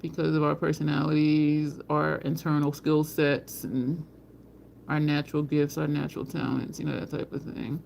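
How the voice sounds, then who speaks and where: A woman's voice: low-pitched, level tone, moderate pace, gravelly, darkish tone. A woman hosting a casual livestream at home, telling rambling stories, answering viewer comments and talking to the chat as "y'all". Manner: rambling storyteller, addresses chat as y'all, frequent laughs. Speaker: livestream host. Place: home, by an open balcony window. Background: faint street traffic.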